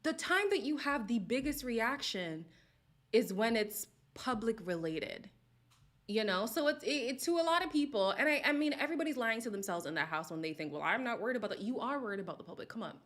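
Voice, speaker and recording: A woman's voice: on the high side, sing-song, fairly quick, a bit bright. A woman casually chatting about a reality show, sassy and direct, talking straight to her viewers. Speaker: reality TV commentator. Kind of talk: casual chat.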